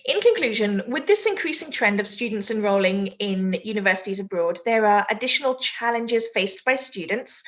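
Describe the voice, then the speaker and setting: A woman's voice: medium pitch, expressive, normal speed, few pauses. A British woman teaching a live online lesson, giving essay feedback in a chatty way and reacting to viewers' messages. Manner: chatty, laughs easily, reads chat aloud mid-sentence. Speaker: IELTS teacher.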